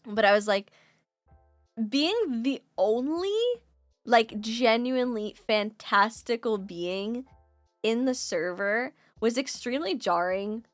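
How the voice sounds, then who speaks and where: A young adult woman streamer in casual chat, animated, often laughing and swearing as she tells a story. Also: fairly high pitch, slow pace, no room sound, soft background music.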